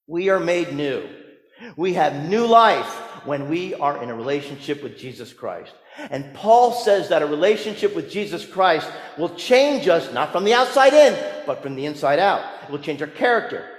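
A man, a pastor, preaching a sermon in a storytelling way, moving between hushed asides and emphatic lines. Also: fairly high pitch, big pitch swings, normal speed, echoey room, in a large hall.

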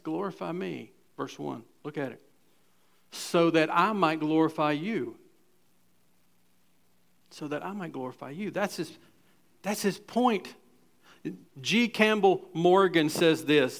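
A man preaching a sermon, reading quotes with dramatic weight and building from quiet asides to loud, emphatic preaching. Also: high voice, smooth. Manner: reads scripture and quotes aloud with dramatic weight. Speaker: pastor.

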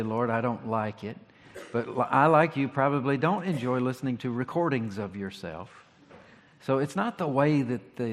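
A pastor giving a sermon, talking in a conversational, reflective way with rhetorical questions. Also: male voice, mid-range voice. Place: church sanctuary. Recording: long hall reverb.

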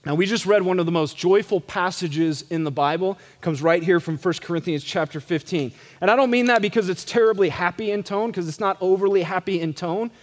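Middle-aged male pastor, high voice, relaxed conversational sermon with a self-deprecating edge, church live stream with long reverb. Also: brisk, hardly any pauses. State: some gray hair. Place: church sanctuary.

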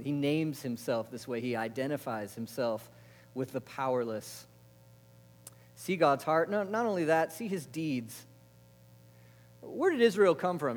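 A man preaching a sermon, asking the congregation questions and answering them himself, moving between emphatic lines and quiet, intimate ones. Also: a little high. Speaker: pastor. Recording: long reverb of a large hall.

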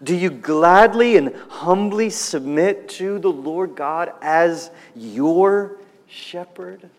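Slow, earnest preacher man in a hall. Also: high-pitched. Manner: earnest, emphatic, slows and drops on key words. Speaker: pastor. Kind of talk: sermon.

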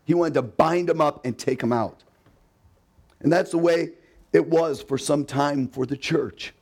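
A man's voice: fairly high pitch, measured pace, a little mellow. A man preaching a sermon in a conversational way, with rhetorical questions and emphatic repetition, and acting out the voices he quotes. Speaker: pastor.

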